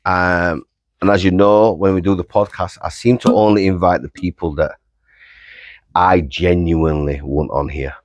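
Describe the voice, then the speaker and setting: A man's voice: low-pitched, steady tone, moderate pace, dry recording, dull audio. A man hosting a podcast in an easygoing, casual way, chuckling as he sets up his questions. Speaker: podcast host.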